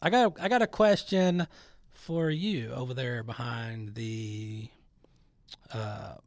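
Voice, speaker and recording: A man's voice: mid-range voice, slow pace, no echo, clean studio sound. A middle-aged man hosting a talk show, ranting in a sarcastic, casual way and mocking the people he describes. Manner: sarcastic, mocking imitations of others. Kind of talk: casual opinion monologue.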